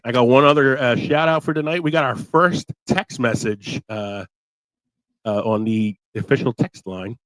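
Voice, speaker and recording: A man's voice: mid-range voice, moderate pace, a bit bright, no room sound, low-quality recording. A talkative man hosting a casual podcast chat, laughing often, with a sore throat and a voice that is wearing out. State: sore throat, losing his voice. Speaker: podcast host.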